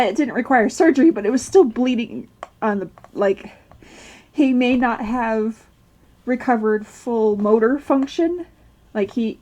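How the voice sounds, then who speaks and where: Vlogger, a woman, tearful, telling a personal story slowly with nervous laughter. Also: a little high, a little mellow. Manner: rambling with restarts, nervous laughter through grief.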